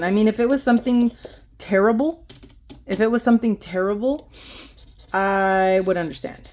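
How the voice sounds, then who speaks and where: Woman in her thirties, rambling vlog chat, counting bills out loud, mid-pitched voice. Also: unhurried, long pauses. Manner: rambling, chatty, talks straight to viewers, counts bills aloud. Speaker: budgeting vlogger stuffing cash envelopes. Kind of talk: casual chatty vlog while counting cash.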